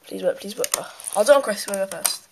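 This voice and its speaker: Chatty woman vlogger for a home toy unboxing, rambling commentary, picked up by the camera's own mic with loud noise and crinkling packaging. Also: medium pitch, lively intonation, fairly quick, creaky. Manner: rambling, chatty, talks while handling things. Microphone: handheld camera's built-in mic.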